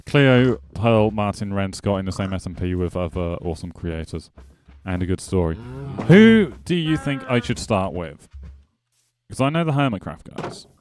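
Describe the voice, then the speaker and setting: A man's voice: low-pitched, big pitch swings, moderate pace, a little mellow, a little hiss or hum. A man giving casual, rambling gameplay commentary as a streamer, chatting back to his viewers with playful jabs. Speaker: gaming streamer.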